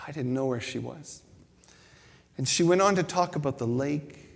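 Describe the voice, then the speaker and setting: A man's voice: fairly high pitch, normal speed, creaky. A man giving a reflective spiritual talk, telling a personal story with self-deprecating humor. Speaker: spiritual speaker. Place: large hall at a spiritual center. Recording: long reverb in a hall.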